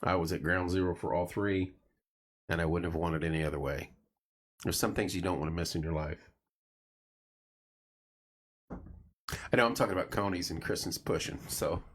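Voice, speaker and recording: Low-voiced man telling lively stories. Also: normal speed, long pauses. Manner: animated storyteller, acts out quoted voices. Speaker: host. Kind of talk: casual late-night chat.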